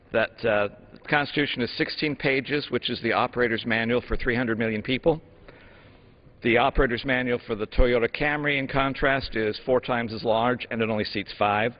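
A man, a congressman, giving a measured floor speech full of historical examples in a legislative chamber. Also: mid-range voice. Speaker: congressman from Utah. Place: House chamber. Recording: dull broadcast audio in a long-reverb chamber.

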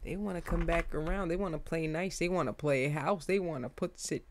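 Lady doing a tarot reading, super animated and slangy, lowish voice, a little hiss behind. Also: brisk. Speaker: tarot reader. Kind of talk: casual tarot reading chat.

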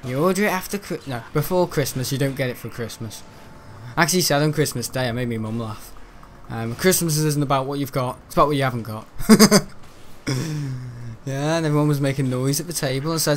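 A young gaming channel host rambles and cracks jokes while playing a video game, laughing at his own humor in a chatty way. His medium-pitched voice runs a little fast, with slight background noise behind it. It's casual let's-play commentary.

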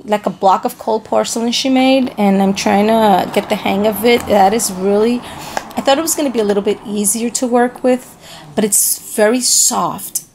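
A woman with a gravelly, fry-edged voice talks casually to her camera at home, gushing with enthusiasm and repeating her praise. She often pauses and trails off mid-sentence while hunting for the right word, and a faint noise sits under her voice. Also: medium pitch, darkish tone. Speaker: craft vlogger showing a package.

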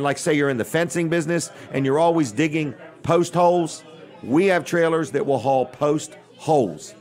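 An older man hosts a live broadcast from a restaurant event, talking in a loose, rambling way and slipping in deadpan jokes. His voice sits a little higher than most men's. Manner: chatty and rambling, with dry jokes. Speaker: host. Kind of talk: live on-location radio and TV talk.

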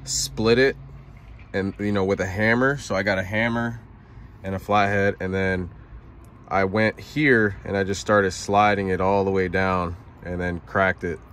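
A man's voice: low voice, steady tone, unhurried, fairly bright tone, slight background noise. A man vlogging from inside his truck cab, explaining a repair in a laid-back, rambling way with lots of fillers and restarts. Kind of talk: casual how-to vlog.

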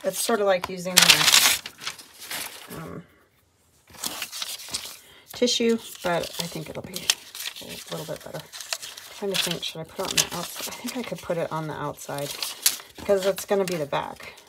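A woman's voice: fairly low pitch, normal speed, pauses often, heavy background noise. A woman vlogger giving casual running commentary as she crafts, thinking aloud in a chatty, meandering way. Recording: paper crinkling and clicks behind voice.

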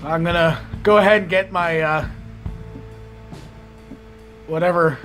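A man's voice: on the high side, fairly even intonation, a little slow, over music. A man doing let's-play commentary over a game, crude and joking, laughing often. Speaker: gaming YouTuber.

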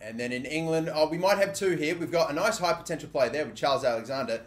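A young Australian man giving live, excitable commentary on a football video game, swearing often and shouting at big moments. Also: a little high, quick pace. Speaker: gaming YouTuber.

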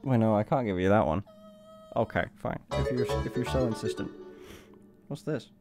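A man streaming live, chatting casually and cooing to his puppy in a high, doting voice. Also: normal speed, music in the background. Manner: coos to a puppy in a high baby voice.

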